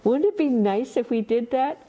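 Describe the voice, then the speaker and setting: A woman voicing an eager little boy, a grandson speaking in a high, sing-song, pleading way. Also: moderate pace, dark tone, highs cut off, close to an everyday voice. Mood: coaxing.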